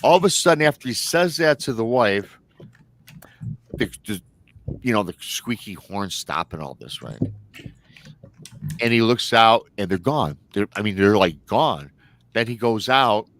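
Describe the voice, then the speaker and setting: Chatty low-voiced man telling a story. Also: sing-song, unhurried, pauses often, a bit bright. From Michigan, United States. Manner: chatty, colloquial, repeats "he goes" while retelling. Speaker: livestream host. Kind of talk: storytelling on a livestream show.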